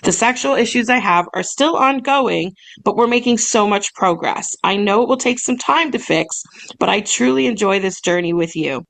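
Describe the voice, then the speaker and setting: A woman's voice: mid-range voice, animated, normal speed, vocal fry, a bit bright. Young woman, podcast co-host, casual and giggly, gets choked up easily. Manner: bubbly, laughs often, gets choked up. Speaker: podcast co-host, massage business owner. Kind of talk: casual chat, reading emails aloud.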